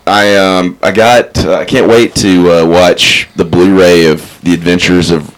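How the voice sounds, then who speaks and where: A young man with a very low voice co-hosts a radio movie show from the studio mic. He is wry and teasing, and he hesitates and fills as he talks. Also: fairly even intonation, unhurried, rough recording. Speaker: radio co-host. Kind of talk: casual radio chat.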